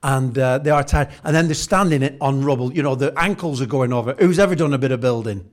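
A man's voice: mid-range voice, quick pace. A man preaching a humorous sermon, telling chatty everyday stories and acting out the scenes. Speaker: pastor.

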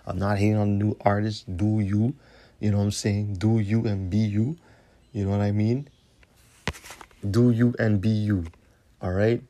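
A man's voice: fairly low pitch, flat delivery, measured pace, long pauses, mellow. A man, hosting a podcast and delivering a profane, confrontational solo rant. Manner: profane, confrontational ranting with repeated tag questions. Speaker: podcast host.

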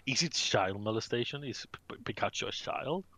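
A man's voice: mid-range voice, lively intonation, fairly quick, sharp tone, no echo. A man co-hosting a casual gaming chat, joking, swearing and rambling through stories. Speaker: podcast co-host.

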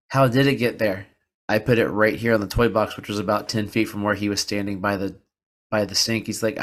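A man's voice: fairly low pitch, fairly even intonation, a little fast. A man hosting a podcast, telling a personal story in an earnest, confessional way and repeating words for emphasis. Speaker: podcast host. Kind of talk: personal reflective podcast monologue.

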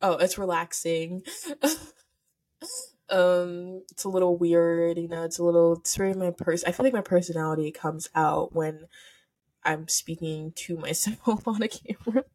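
A woman's voice: fairly low pitch, steady tone, moderate pace, darkish tone. A teenage girl hosting her own podcast in casual solo chat, giggly and gushing, rambling with lots of fillers and close to tears. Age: teens. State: emotional, near tears. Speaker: podcast host. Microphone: camera setup for filming.

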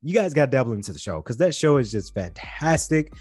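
A man's voice: medium pitch, very animated, a little fast, darkish tone, slightly rough, no room sound. A young man hosting a podcast in a casual monologue, rambling and earnest, often restarting his sentences. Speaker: podcast host.

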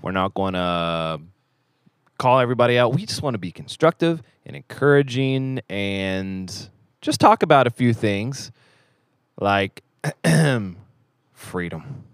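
A man's voice: medium pitch, lively intonation, takes it slowly, clean tone, no echo, studio quality. A man co-hosting a casual podcast, joking and playful, rambling from one thought to the next. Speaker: podcast co-host. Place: small studio room in a theater.

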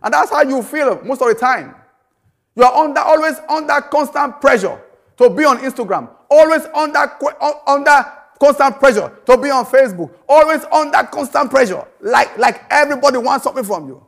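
A man's voice: very high-pitched, animated, brisk, creaky, fairly bright tone. A man preaching a sermon, emphatic, repeating phrases and asking rhetorical questions.

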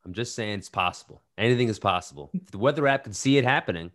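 A man's voice: fairly low pitch, animated, fast talker, a bit bright. A man co-hosting a podcast, teasing his co-host playfully in casual banter.

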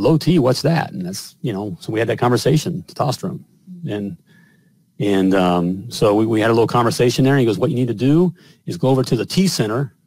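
A man's voice: medium pitch, darkish tone, no room sound. A middle-aged man hosting a show, telling a personal story in a rambling way with lots of fillers and chuckles. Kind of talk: casual storytelling.

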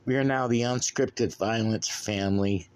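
Blunt, rambling man, low voice. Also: moderate pace, clear, resonant tone. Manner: profane, blunt, drinking beer while talking. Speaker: podcast host. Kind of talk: casual solo rambling.

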